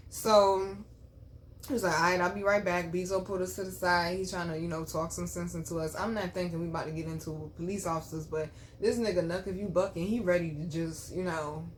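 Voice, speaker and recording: Woman, vlog host, casual storytelling, emphatic, chatty, somewhat low voice, talks straight to viewers. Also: slight background noise.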